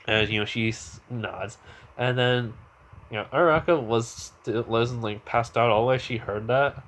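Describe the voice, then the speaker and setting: A man casually improvising a fan story, circling back and padding his sentences with fillers. His voice is at a middling pitch, and a faint ambient hum sits behind it. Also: steady tone, moderate pace, a bit bright. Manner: rambling, full of fillers and restarts.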